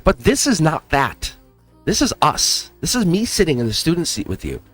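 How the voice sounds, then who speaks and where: A man's voice: fairly high pitch, wildly swooping pitch, moderate pace, soft background music. A man hosting a tarot channel, giving an earnest, emotional spiritual pep talk straight to his viewers, near tears and repeating himself. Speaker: tarot reader, channel host.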